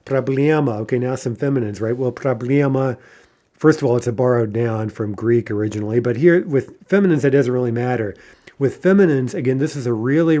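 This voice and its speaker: A man's voice: medium pitch, warm tone. A man teaching a recorded grammar lesson, explaining step by step and checking in with frequent asides and "right?". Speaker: language teacher.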